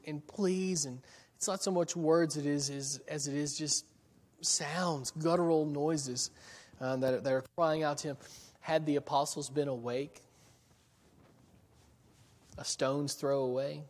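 A man preaching a sermon in an earnest way, pausing often and repeating words as he builds a point. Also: on the high side, steady tone, darkish tone, big-room sound.

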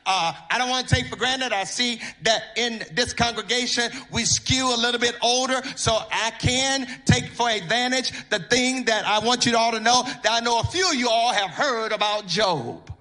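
A man preaching a sermon, half-chanting his lines, repeating words for emphasis and building up to shouts. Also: extremely high pitch, moderate pace, few pauses, faint music behind. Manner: intoning and chanting, rising to shouts.

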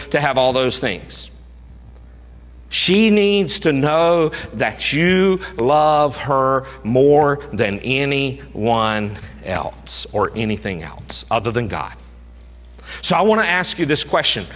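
A male pastor preaching a sermon, emphatic, swinging from raised urging to hushed low tones. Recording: reverberant hall.

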